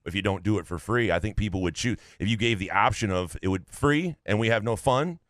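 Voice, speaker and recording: A man's voice: on the low side, lively intonation, fairly quick, fairly bright tone, no echo. A man co-hosting a casual sports podcast, reading listener takes in a blunt, profane way. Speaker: podcast co-host.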